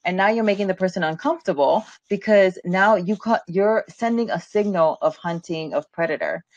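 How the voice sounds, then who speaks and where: Lady teaching a webinar on a video call, lively, laughs a lot, dull muffled sound. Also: mid-range voice, normal speed, no echo. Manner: lively, laughs often, repeats words while talking. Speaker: guest business strategist teaching a webinar.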